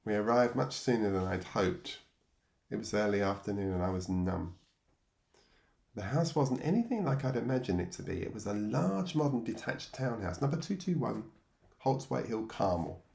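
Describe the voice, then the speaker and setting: A middle-aged Englishman from England narrates his memoir in a fairly low, animated voice with a creaky, slightly mellow quality, speaking at a moderate pace in a roomy space. He reflects wryly on his life, chuckles at himself, and acts out remembered voices.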